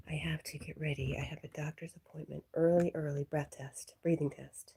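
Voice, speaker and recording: A woman hosting a night livestream, reading chat aloud and talking softly to her dog, sometimes in a whisper, a little wheezy. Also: low voice, steady tone, brisk, few pauses, slight background noise. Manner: soft, often whispering, talks to her dog.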